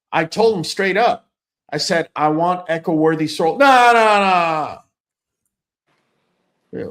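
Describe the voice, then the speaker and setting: A man telling a story in casual chat, animated, emphatic and blunt, swearing freely. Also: on the high side.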